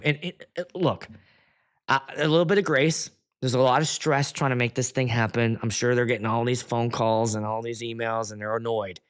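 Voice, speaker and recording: A man hosting a casual livestream as a DJ, telling stories and acting out quotes from guests with plenty of swearing. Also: medium pitch. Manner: animated storyteller who acts out quotes with swearing. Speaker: DJ and livestream host.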